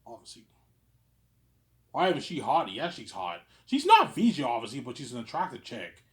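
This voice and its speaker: A man's voice: huge pitch swings, moderate pace. Rambling man in his thirties, stammering. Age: 30s. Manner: repetitive, stammering restarts, frequent "obviously"; swings between low muttering and loud outbursts. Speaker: vlogger. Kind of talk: rambling personal monologue.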